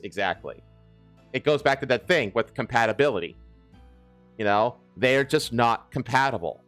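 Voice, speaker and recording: A man hosting a podcast, talking casually and haltingly with many fillers and restarts. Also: mid-range voice, lively intonation, a bit bright, soft background music. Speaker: podcast host. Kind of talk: casual political chat.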